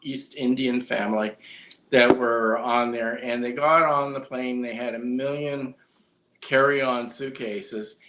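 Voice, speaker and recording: A man's voice: medium pitch, steady tone, slow pace, a bit bright, slight background noise. A man co-hosting a casual live-stream chat, telling long rambling stories with fillers and restarts. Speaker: co-host.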